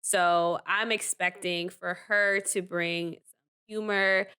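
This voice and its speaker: A woman co-hosting a casual reality-TV reaction chat. She talks in an animated, chatty way, laughs often, and leans on "like" and "um". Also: lowish voice, slow, smooth. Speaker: co-host.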